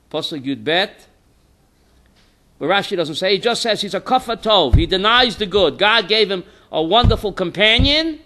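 Animated, high-voiced rabbi teaching a class. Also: male voice. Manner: quizzes students by name, mixes in Hebrew terms; emphatic, rhetorical questions. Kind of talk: Torah class lecture.

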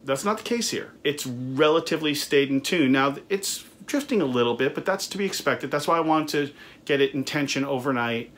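A man's voice: a little high, expressive, a little fast, a bit bright. Casual middle-aged man reviewing a guitar. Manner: conversational, frequent fillers and restarts. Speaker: guitar reviewer and studio owner. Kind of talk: casual product review talk.

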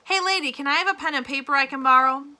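A woman's voice: high-pitched, fast talker, pushed and bright, voice pushed up. A woman voicing an earnest teenage boy.

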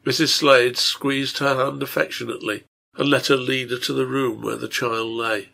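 A man reading his own translation of a Victorian novel aloud, in measured storytelling. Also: mid-range voice, level tone, creaky, sharp tone. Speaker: reader, translator.

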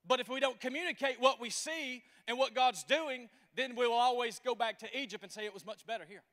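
A pastor in his forties delivers a sermon as animated, folksy storytelling at a moderate pace. His voice is very high for a man and echoes with a long reverb through the church sanctuary.

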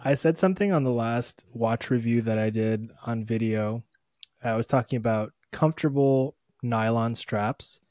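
A man's voice: medium pitch, normal speed, darkish tone, dry recording. A man co-hosting a podcast in casual chat, laid-back and full of fillers while he talks through a segment. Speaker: podcast co-host.

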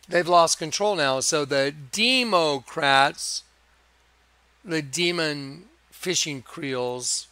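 A man giving a rambling religious monologue over images, in an excitable, emphatic manner with chuckles. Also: a little high, clear, resonant tone, dry recording. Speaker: video preacher.

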